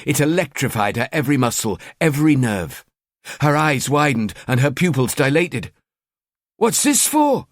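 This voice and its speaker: A man narrating a crime thriller audiobook in the first person, with a cold, measured delivery. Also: medium pitch, no echo, studio quality.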